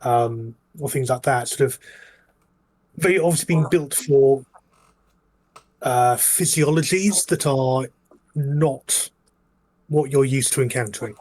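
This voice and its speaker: A man's voice: mid-range voice, slow pace, long pauses, a little mellow, rough recording. A man narrating as game master of a tabletop game, describing scenes in a rambling way full of fillers.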